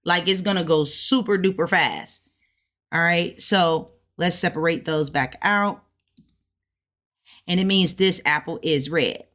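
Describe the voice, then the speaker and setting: A woman's voice: lowish voice, measured pace, a bit bright. A woman teaching herself Mandarin in a casual lesson. She sounds out syllables and repeats each one several times, thinking aloud when she is unsure. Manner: thinks aloud, unsure of her own pronunciation. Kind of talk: casual self-study lesson.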